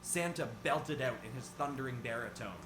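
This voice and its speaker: A man narrating his own story video in a casual, brisk style. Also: mid-range voice. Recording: echoey room with background noise.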